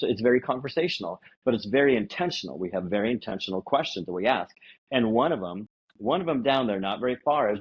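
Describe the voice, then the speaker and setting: A man's voice: lowish voice, lively intonation, fairly quick, breathy edge. A man co-hosting a podcast, chatting casually about sales and acting out bits of sales dialogue. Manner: conversational, acts out sales dialogue. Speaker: podcast co-host. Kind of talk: casual sales-advice chat. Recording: dull lo-fi audio.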